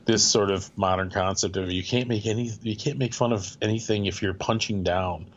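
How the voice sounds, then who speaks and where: A man's voice: on the low side, fairly even intonation, normal speed. A man co-hosting a music show, rambling wryly through opinions in casual chat. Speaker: radio show co-host. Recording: slightly dull lo-fi sound.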